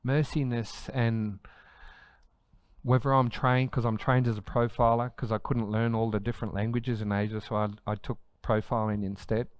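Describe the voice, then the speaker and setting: Australian man, middle-aged, lively storyteller, laughs mid-sentence, dry sound. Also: medium pitch, normal speed, smooth, dry recording. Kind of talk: casual storytelling conversation.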